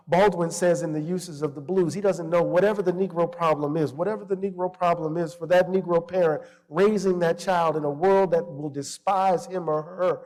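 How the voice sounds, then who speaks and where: A middle-aged man with a slightly raised voice talks with passion, shifting between vivid storytelling and slow reflection. His words ring out with a long hall reverb behind them. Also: high voice, a little mellow. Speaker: guest scholar. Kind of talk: interview conversation.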